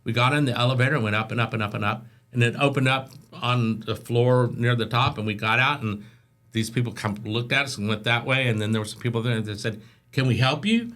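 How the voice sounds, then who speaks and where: A man guest on a podcast, telling stories in a chatty, animated way and acting out the voices of the people in them. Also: medium pitch, fast talker. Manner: chatty, animated storyteller who acts out voices in anecdotes. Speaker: interview guest. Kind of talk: casual storytelling.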